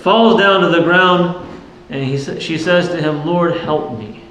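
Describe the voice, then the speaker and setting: A man's voice: on the high side, unhurried, fairly bright tone. A man preaching a sermon as a priest, earnest and explanatory, often asking the listeners questions. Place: church. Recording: very echoey church with faint noise.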